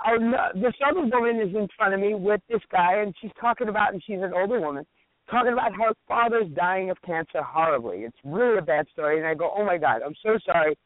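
Speaking quickly in a high-pitched voice, this man co-hosts a radio talk show, spinning animated, profane stories and performing other people's lines. The recording is dry, with a tinny, phone-like radio sound, and the talk is a casual storytelling chat.

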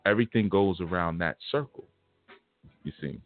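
Very low-voiced man teaching spirituality, casual and emphatic, over a tinny phone-like line. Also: lively intonation, moderate pace, faint music behind. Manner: casual, emphatic, vernacular preaching. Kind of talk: spiritual lecture.

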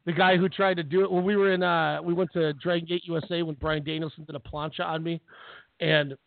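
A man co-hosting a podcast in casual chat, laughing often and telling animated stories. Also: fairly high pitch, fast talker, gravelly, no room sound. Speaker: podcast co-host. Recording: tinny phone line, dry.

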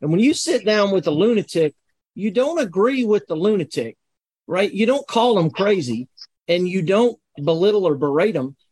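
A man's voice: high-pitched, lively intonation, normal speed, darkish tone, breathy edge, no room sound. A man speaking as a guest in a casual panel discussion, direct and emphatic when he makes his points. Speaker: panel guest, fire officer.

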